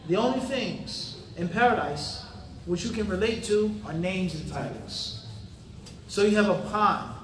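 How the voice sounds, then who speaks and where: With slight background noise, a man delivers a religious lecture in a mosque hall as an Islamic teacher, speaking at a measured pace in a high, expressive voice. He constantly has the audience complete his sentences and adds street-talk asides, picked up by a distant mic in a reverberant hall.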